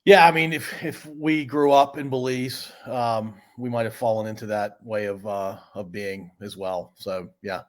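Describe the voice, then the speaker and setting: A man's voice: lowish voice, steady tone, a little slow, hardly any pauses. A man hosting a podcast, asking short questions and laughing along with his guest in casual chat. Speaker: podcast host.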